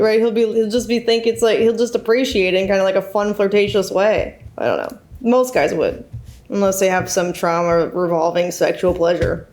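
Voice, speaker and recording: A woman's voice: mid-range voice, fairly quick, darkish tone. A woman streamer in casual chat, giving blunt and frank advice to a caller and giggling now and then.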